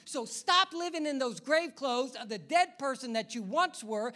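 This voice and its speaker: A high, bright-voiced man preaching a sermon. He swings from quiet, hushed asides up to loud, urgent calls, and he keeps throwing questions back at the congregation. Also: animated, a little slow, hardly any pauses. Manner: repeats words and asks the congregation questions. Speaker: pastor.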